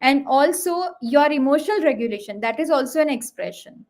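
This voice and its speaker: A woman's voice: sits high, expressive, brisk, darkish tone. A woman speaking as a guest on a leadership panel, explaining communication techniques with frequent fillers and spoken examples.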